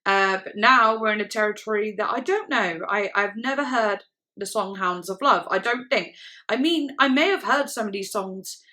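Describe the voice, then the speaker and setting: A young woman reacts to music in casual, chatty, enthusiastic conversation, sometimes singing along to snippets. Her mid-range voice is pushed and bright at a moderate pace, with a song playing faintly in the background.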